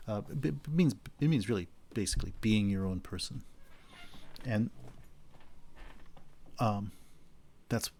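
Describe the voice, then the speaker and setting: A middle-aged man with a fairly low voice, giving a philosophy lecture. He talks in an easygoing, conversational way. He often stumbles and restarts his sentences as he thinks aloud. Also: animated, measured pace, long pauses, darkish tone. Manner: conversational, repeats words while searching for phrasing. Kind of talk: university lecture.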